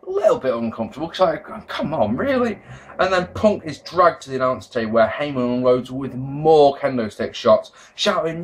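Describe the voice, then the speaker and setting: Animated man reviewing wrestling. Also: moderate pace. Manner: animated, swings between loud outbursts and low mutters; swears casually, rambling asides. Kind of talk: casual video commentary.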